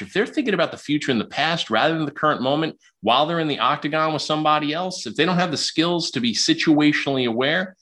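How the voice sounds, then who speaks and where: A talkative podcast guest, this psychologist from Queens, New York speaks in a voice on the high side with a sharp tone. He goes quickly with hardly any pauses and repeats words when starting sentences.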